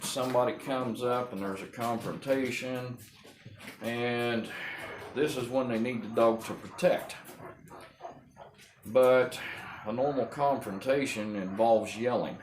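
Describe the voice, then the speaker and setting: A man breeding and training dogs gives a casual, rambling talk on puppy training to a camera on the wall of a small room. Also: medium pitch. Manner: folksy, rambling, with many ums and restarts. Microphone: fixed camera on the wall. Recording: echoey room with clear background noise.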